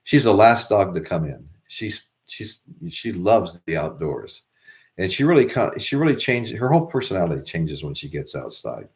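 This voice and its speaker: A man's voice: sits low, sing-song, normal speed, a little mellow. An American man, middle-aged, chatting casually to his viewers in a rambling way with many restarts. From United States. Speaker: vlogger. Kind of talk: casual chat to camera.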